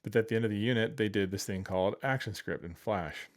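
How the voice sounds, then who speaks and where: A man in his forties with a fairly low voice tells stories in a relaxed interview. He acts out quoted lines, jumping up in pitch and loudness, then drops back to an easy conversational tone. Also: fast talker. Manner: animated, acts out quoted voices with sudden jumps in pitch and volume. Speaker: guest. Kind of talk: casual interview storytelling.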